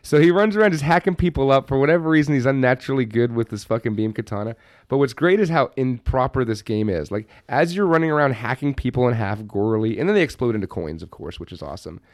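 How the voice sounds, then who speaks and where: A man co-hosting a podcast in casual chat, excitable and profane. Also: mid-range voice, fast, no room sound, studio quality. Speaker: podcast co-host.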